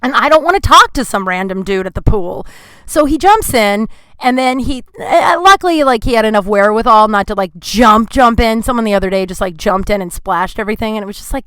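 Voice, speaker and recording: Chatty woman podcaster, slightly high voice. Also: animated, a little fast, a bit bright, smooth, no echo. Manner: chatty, heavy use of "like" fillers; grumpy, complaining tone. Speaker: podcast host. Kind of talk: casual monologue storytelling.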